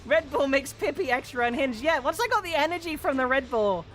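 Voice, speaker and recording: A woman streaming a video game live, chatting casually, swearing often and breaking into loud outbursts. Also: high-pitched, animated, a little fast, faint music behind. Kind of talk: casual live gameplay commentary.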